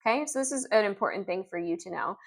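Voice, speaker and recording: A woman explaining reading lessons in an upbeat instructional video, sounding out letters and words slowly. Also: mid-range voice, expressive, vocal fry. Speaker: literacy teacher.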